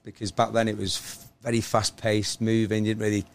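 A man's voice: fairly low pitch, level tone, fairly quick, gravelly. An English man, a guest musician, speaking in a reflective, agreeable way in a casual chat.

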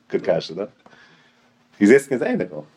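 A middle-aged man giving a storytelling Torah class in an animated way, often repeating his phrases and chuckling. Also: fairly low pitch, normal speed, breathy edge. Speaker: Torah teacher.

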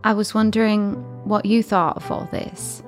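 A woman playing a tabletop game who asks her questions earnestly and gently. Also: medium pitch, flat delivery, normal speed, soft background music. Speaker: player. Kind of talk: tabletop role-play.

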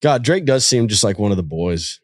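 Animated man reacting with laughs. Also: fairly low pitch, brisk, no room sound, clean studio sound. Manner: laughs often, eager reactions. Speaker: podcast host. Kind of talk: casual chat.

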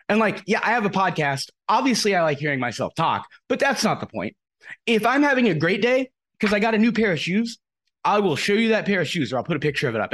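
A man's voice: a little high, a bit bright. A podcast host, a man, ranting angrily with heavy swearing, upset nearly to tears. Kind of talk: casual chat.

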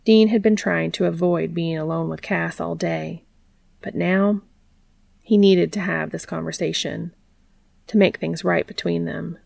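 A woman reading a fan fiction story aloud in a steady, plain narrating manner. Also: on the low side, measured pace, creaky.

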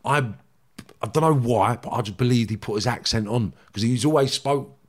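A middle-aged man, telling stories bluntly in casual chat, full of swearing and halting restarts. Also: mid-range voice. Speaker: podcast guest.

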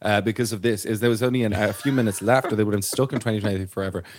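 A man's voice: lowish voice, fairly even intonation, racing, no echo. A man co-hosting a podcast, spinning playful exaggerated tales in casual chat. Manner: playful, spins tall tales. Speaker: podcast co-host.

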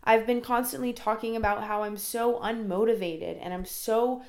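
A woman's voice: on the high side, steady tone, moderate pace, a little mellow. A young woman hosting her own podcast, rambling and self-deprecating in casual solo chat. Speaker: podcast host. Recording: echoey room.

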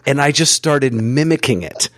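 A man's voice: mid-range voice, expressive, normal speed, fairly bright tone, no room sound. Chatty man telling stories. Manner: rambling, self-mocking storyteller. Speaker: podcast guest. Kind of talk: casual chat.

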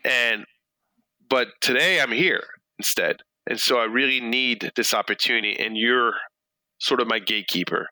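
A man from France, a guest in an interview, telling a story in an animated way, acting out bits of dialogue with plenty of fillers. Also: medium pitch, moderate pace, no echo, low-quality recording.

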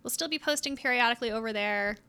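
Bright-voiced young woman, podcast co-host, chatty book talk. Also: a little high, fast, clean tone. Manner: chatty, upbeat, many filler words. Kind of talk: casual chat about books.

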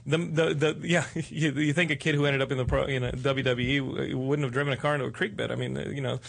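A man's voice: medium pitch, steady tone, fast, gravelly, a bit bright. A man from Texas hosting a casual interview, joking and rambling through stories with many restarts. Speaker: host.

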